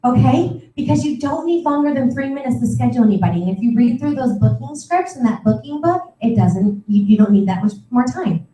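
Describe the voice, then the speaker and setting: A middle-aged woman coaching with a bright, peppy energy, her voice sitting a little high and warm in tone. She sounds some distance from the mic in a roomy, echoey space. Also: lively intonation, brisk. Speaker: sales trainer. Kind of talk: live training talk. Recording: echoey room, voice from far off the mic.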